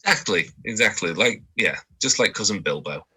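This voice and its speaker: A man chatting eagerly as a tabletop player. His voice is lowish, husky and very bright, with lively pitch. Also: normal speed. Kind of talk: casual tabletop play.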